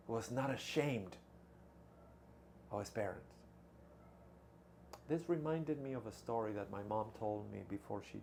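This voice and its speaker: A male pastor telling a story in a sermon, swinging from hushed to loud. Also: medium pitch, slight background noise.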